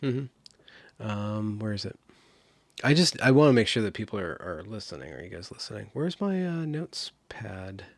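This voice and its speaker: A man hosting a casual livestream, rambling and apologetic, losing his train of thought, with his voice in rough shape. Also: on the low side, big pitch swings, normal speed, no room sound. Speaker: livestream host.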